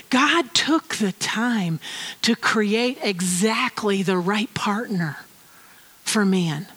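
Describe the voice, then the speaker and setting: A woman giving informal Bible teaching, animated and laughing often as she tells the story. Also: medium pitch, extremely slow.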